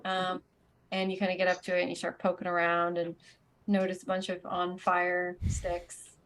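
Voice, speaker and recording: A woman with a lowish, monotone voice narrates at normal speed as dungeon master of a tabletop game. She rambles loosely, using many fillers.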